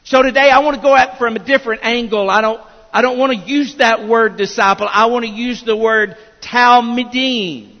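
A man's voice: very high voice, steady tone, normal speed, hardly any pauses. A male pastor delivering an emphatic sermon, often restarting his phrases as he builds each point. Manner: emphatic preaching with repeated restarts. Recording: dull reverberant church recording.

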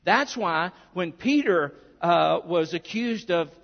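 A male pastor delivers a sermon in a high, gravelly voice. He keeps it earnest and conversational, with plenty of asides. The recording is dull and muffled, with a long church-hall reverb trailing his words. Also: animated, slow pace. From Arkansas, US.

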